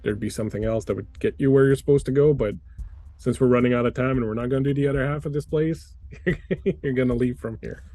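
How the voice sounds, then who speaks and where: A man's voice: medium pitch, fast talker, warm tone, soft background music. A man narrating as game master in a tabletop game, rambling with many fillers. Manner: meandering, filler-heavy.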